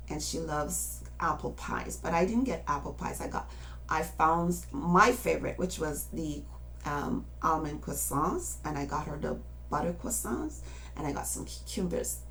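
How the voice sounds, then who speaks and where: A woman's voice: sits low, slight background noise. An older woman speaking in a casual, rambling monologue, talking straight to her listeners in an insistent way. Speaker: speaker addressing followers.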